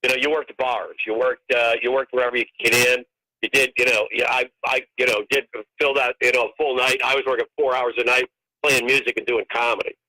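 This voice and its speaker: A man's voice: medium pitch, little pitch movement, fast, pushed and bright. An older man, a touring comedian, telling profane road stories on a phone call. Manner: profane, ranting storyteller. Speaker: guest comedian. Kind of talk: casual storytelling. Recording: tinny phone line.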